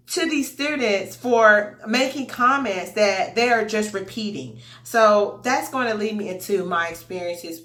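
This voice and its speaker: Lady teacher vlogging, chatty and animated, talks right to you. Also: mid-range voice. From United States. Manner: animated, chatty, addresses viewers directly. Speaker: online English teacher. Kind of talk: casual vlog storytelling.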